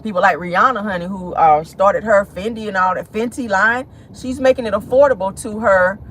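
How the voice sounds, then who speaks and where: A woman's voice: mid-range voice, brisk, fairly bright tone, a little hiss or hum. A young adult woman hosting a celebrity gossip talk, sassy and slangy in casual commentary.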